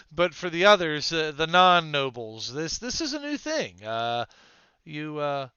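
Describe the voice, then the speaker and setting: A man's voice: fairly high pitch, big pitch swings, unhurried, pushed and bright, clean tone, dry recording. A man narrating a tabletop role-playing game as game master, laughing often and mocking himself lightly. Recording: dull lo-fi dry sound.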